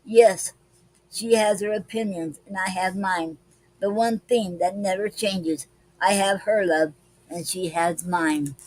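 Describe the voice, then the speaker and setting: A woman hosting a live-stream poetry club, reading her own poems aloud slowly and deliberately between casual remarks with fillers. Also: medium pitch, steady tone, a little mellow, rough recording. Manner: slow deliberate reading with many pauses and fillers.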